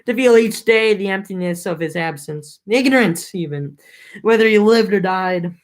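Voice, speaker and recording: A woman's voice: mid-range voice, lively intonation, normal speed. A young woman reading an epic poem aloud, breaking off into joking slangy recaps. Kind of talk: casual reading with comic summaries.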